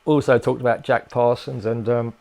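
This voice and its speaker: A man's voice: medium pitch, little pitch movement, moderate pace, gravelly, darkish tone. An older man from England, a guest in a casual interview, who rambles and hesitates with many fillers and restarts.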